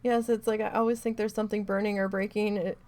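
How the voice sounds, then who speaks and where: A woman's voice: mid-range voice, level tone, quick pace, a little mellow. A woman streamer chatting casually while she plays, rambling through a story and swearing freely. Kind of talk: casual chat while gaming.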